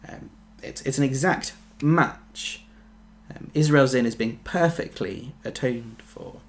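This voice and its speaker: A man preaching a sermon, earnest, building to emphatic peaks and then dropping soft. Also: medium pitch, slow.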